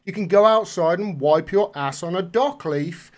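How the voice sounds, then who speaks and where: A man hosting a live video call, talking animated and swearing freely as he rants. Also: high voice, normal speed. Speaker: host. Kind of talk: casual chat.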